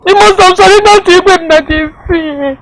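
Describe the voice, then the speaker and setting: A woman's voice: very high voice, moderate pace, a crowd in the background, rough recording. A woman with a Nigerian accent playing a grieving mother who speaks tearfully. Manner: tearful, pleading. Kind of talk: film acting.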